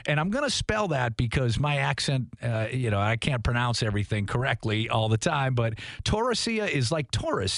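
A man hosting a radio talk show, with a softened Boston accent, talking in a warm and enthusiastic way. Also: medium pitch, big pitch swings, normal speed, gravelly, few pauses, no echo, studio quality. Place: radio studio.

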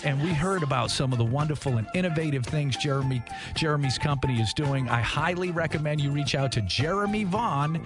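A man hosting a radio talk show, with a softened Boston accent, talking in a warm and enthusiastic way. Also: mid-range voice, expressive, quick pace, music in the background. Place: radio studio.

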